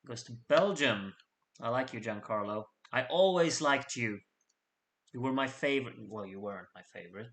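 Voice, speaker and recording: Male host, middle pitch, casual vote-by-vote commentary with playful asides. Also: a bit bright. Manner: chatty, jokey asides to the audience. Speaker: host reading out fan contest votes. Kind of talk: casual live voting commentary.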